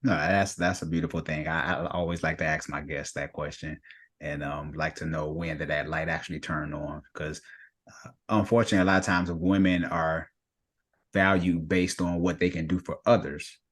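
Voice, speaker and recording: A man hosts an interview in a very low voice. He answers his guest calmly and affirmingly, reflecting on her story before he moves on to his next question. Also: moderate pace. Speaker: host. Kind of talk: talk show interview.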